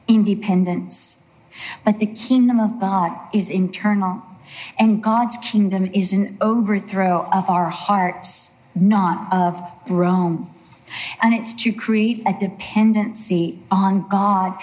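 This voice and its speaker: A woman's voice: medium pitch, darkish tone. A woman preacher giving a sermon, earnest and emphatic, with a lot of repetition.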